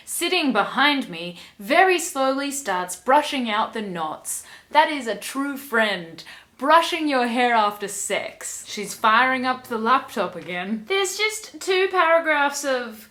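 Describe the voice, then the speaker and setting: A young woman reading a book aloud on her vlog and breaking off for sarcastic, deadpan comments. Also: on the high side, a little slow.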